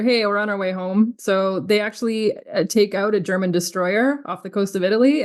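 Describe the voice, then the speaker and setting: Woman podcast cohost, chatty film recap, mid pitch, throws in history facts. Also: a little mellow. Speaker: podcast co-host. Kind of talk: casual film review chat.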